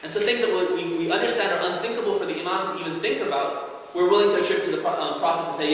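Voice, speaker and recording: A man's voice: sits high, very fast, a bit bright, far from the mic, a little hiss or hum. A man giving an earnest, explanatory religious lecture to a congregation, often checking in with his listeners. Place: large hall at an Islamic center. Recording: very echoey hall with long reverb.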